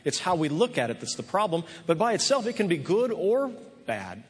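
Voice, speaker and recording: A man delivers a sermon in a husky, slightly high voice. He tells his story earnestly, often restarting his phrases. His words ring out with a long reverb through a large church hall. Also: very animated, a little fast. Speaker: pastor.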